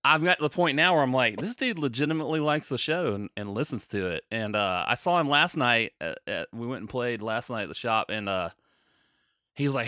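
A man co-hosting a podcast in casual chat, rambling and self-deprecating, quick to laugh. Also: mid-range voice, expressive, bright, forceful tone, no room sound, studio quality. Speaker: podcast co-host.

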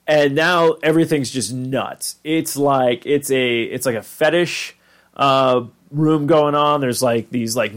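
A man with a mid-range voice talks loosely through a cartoon episode, piling on fillers and acting out bits of the lines. He rambles in a chatty, informal way. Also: mid-range voice. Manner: rambling, chatty, full of fillers and acted-out quotes. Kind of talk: casual episode recap.

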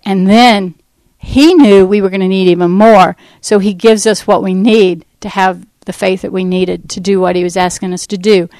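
A woman from the United States telling her life testimony, acting out the dialogue in lively fashion. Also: mid-range voice, no echo, low-quality recording. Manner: animated storyteller acting out dialogue. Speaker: ministry founder giving testimony. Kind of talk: personal testimony talk.

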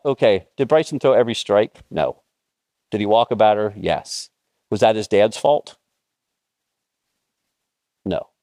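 A man's voice: medium pitch, dry recording, clean studio sound. Conversational man preaching a sermon. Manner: conversational, storytelling with rising excited peaks. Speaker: pastor.

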